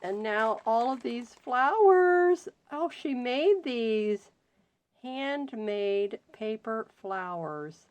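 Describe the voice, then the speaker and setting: A woman with a slightly high, expressive voice hosts a crafting channel, chatting casually as she unboxes happy mail gifts. She gushes over each one, exclaiming often with slow, drawn-out delight, and the highs in the recording are cut off.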